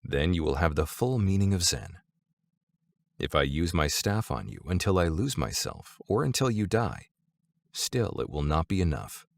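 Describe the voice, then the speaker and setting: A man reading Zen teachings aloud in a measured, deliberate audiobook style. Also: deep voice, sing-song, gravelly.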